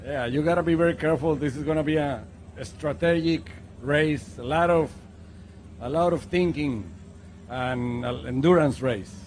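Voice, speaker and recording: A male race driver talks about the course ahead in a confident, thoughtful way. His voice sits a bit high, with faint noise behind him. The interview is recorded outdoors at the event. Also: normal speed, darkish tone.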